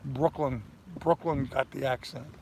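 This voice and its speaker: A man's voice: medium pitch, steady tone, measured pace, creaky, poor audio. An older man from New York, hosting a sailing channel and chatting easygoingly on a live stream from a boat. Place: outdoors on a boat in a harbor. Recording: loud wind noise on the mic.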